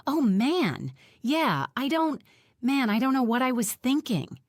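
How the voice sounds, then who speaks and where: A woman reading an audiobook, voicing an angry armed man who yells accusations and later turns shaky with regret. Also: lowish voice, expressive, slow pace, dry recording, studio quality. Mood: alarmed. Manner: yelling, then shaky and remorseful. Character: angry armed man losing his temper.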